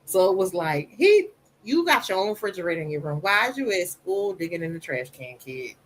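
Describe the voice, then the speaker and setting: A woman speaking candidly on a podcast about her own life, emphatic and animated, with a soft voice. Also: on the low side, fairly quick, a little hiss or hum, rough recording. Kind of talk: candid personal storytelling.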